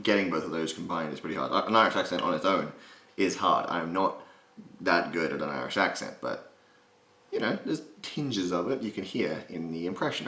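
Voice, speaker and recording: Deep-voiced joking man, lively delivery. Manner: irreverent, rambling, self-mocking. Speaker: voice impression tutorial host. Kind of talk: casual joking tutorial. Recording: roomy echo.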